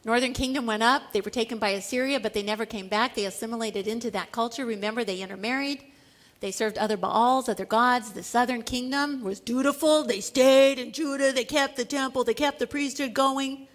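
Woman preacher, high voice, animated storyteller who laughs often as she teaches. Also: fairly quick. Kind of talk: sermon.

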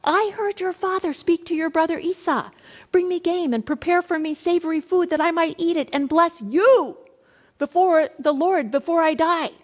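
Brief: determined, commanding mother, put on by a woman reader, high and firm, echoey room. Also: moderate pace. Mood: urgent. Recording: echoey hall reverb.

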